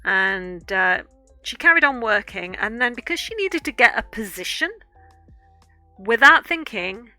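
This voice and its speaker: A woman's voice: on the high side, lively intonation, a little slow, pushed and bright, no echo, faint music behind. A woman art streamer casually telling a rambling story while she draws, with lots of fillers and restarts.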